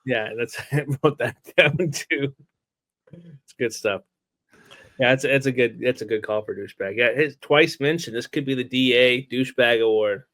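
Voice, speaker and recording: A man's voice: mid-range voice, a bit bright. Easygoing man co-hosting a review. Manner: easygoing, jokey, quick asides. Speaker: podcast co-host. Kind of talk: casual TV review chat.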